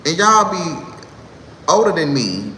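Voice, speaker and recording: A man in his thirties vents in a sassy, exasperated rant. His voice is bright and pointed. A roomy space with a long reverb tail and faint background noise carries it. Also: mid-range voice. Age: 30s. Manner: sassy, exasperated ranting with laughs. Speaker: vlogger. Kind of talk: heated monologue to camera.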